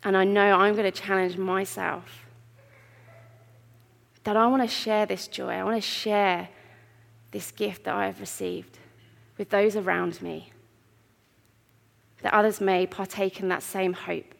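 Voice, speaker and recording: A woman giving an earnest, heartfelt sermon in a church, with pauses. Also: mid-range voice, steady tone, gravelly. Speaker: preacher. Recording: long reverb of a church hall.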